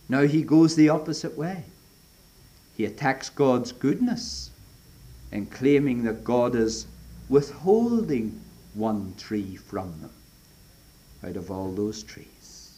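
A man preaching a sermon, moving from emphatic declarations to hushed whispers, using old-fashioned scriptural phrasing. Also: fairly high pitch. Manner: dramatic swings from loud to whispered.

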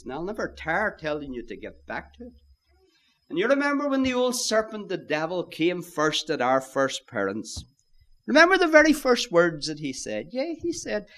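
A man's voice: on the high side, fairly bright tone. A man preaching a sermon, emphatic, repeating key phrases and addressing listeners as friends.

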